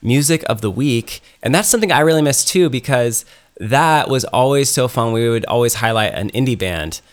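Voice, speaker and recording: A man's voice: mid-range voice, expressive, moderate pace, clear, resonant tone. Rambling casual man co-hosting a podcast. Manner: rambling, many ums and restarts. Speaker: podcast co-host. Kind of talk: casual chat.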